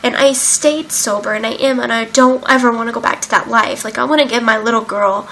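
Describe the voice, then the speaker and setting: Bright-voiced young woman, candid vlog. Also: a little high, fairly even intonation, a little fast, vocal fry, slight background noise, poor audio. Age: young adult. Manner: candid and emotional, with frequent fillers and swearing. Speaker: vlogger sharing her recovery story. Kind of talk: casual personal account.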